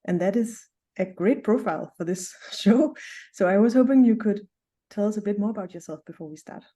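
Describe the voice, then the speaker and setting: A woman co-hosting a podcast, introducing the guest and responding warmly. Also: mid-range voice, brisk. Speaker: podcast co-host. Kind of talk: scripted introduction and casual chat.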